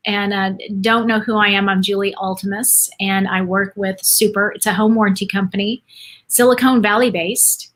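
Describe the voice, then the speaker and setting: A middle-aged woman from Dallas talks as a guest on a relaxed podcast, bright and forward in tone. She tells her story in a chatty way and laughs easily, her pitch sitting in an ordinary middle range. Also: normal speed. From Dallas, Texas, USA. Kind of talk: casual podcast chat.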